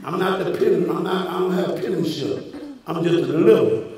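A man's voice: high voice, fairly quick, warm tone. A man preaching a sermon to his congregation, addressing them directly with rising bursts. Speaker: pastor. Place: church sanctuary. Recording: echoey church from a distant mic.

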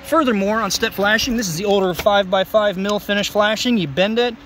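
A man's voice: high voice, fairly quick, a bit bright, a little hiss or hum. A man, a roofer, walks over a roof outdoors and explains in a folksy, plainspoken way what is wrong with it. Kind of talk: casual walkthrough explaining roof faults.

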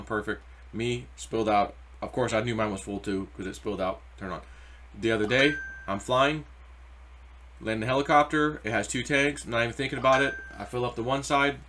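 A man's voice: medium pitch, a bit bright. A middle-aged man giving casual, rambling crypto market commentary with anecdotes and spiritual asides. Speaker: crypto YouTuber.

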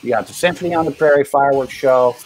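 A man, a street performer and juggler, telling long halting anecdotes in a casual interview and acting out the people he quotes. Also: mid-range voice, darkish tone, husky, low-quality recording.

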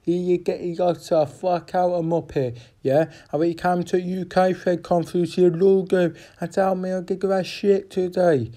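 A man giving a casual, rambling boxing fight preview, swearing often and halting with many fillers. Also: sits high, little pitch movement, warm tone.

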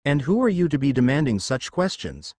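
A man reading the lines of a calm, cruel, possessive goddess, speaking coldly in his own voice. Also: medium pitch, fairly quick, no room sound. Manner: cold and calm.

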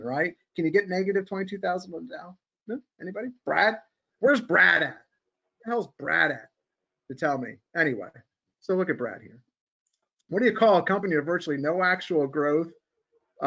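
Guy hosting a trading podcast, rants and jokes sarcastically, kinda high voice, dull lo-fi sound. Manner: animated, sarcastic ranting. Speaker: podcast host. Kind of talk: casual trading podcast chat.

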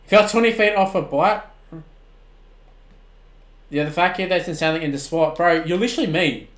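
An Australian man in his twenties streaming a football video game, shouting at the plays and then chatting casually with viewers. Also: high voice, normal speed, roomy sound. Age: 20s. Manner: excitable, swings from shouting at the game to relaxed chat. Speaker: gaming streamer. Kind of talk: live-stream commentary and chat replies.

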